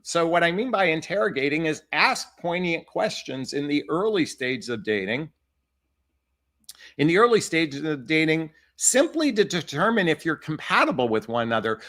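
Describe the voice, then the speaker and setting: Man, dating coach, slightly high voice, emphatic, repeats key lines. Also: fairly bright tone. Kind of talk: advice talk to camera.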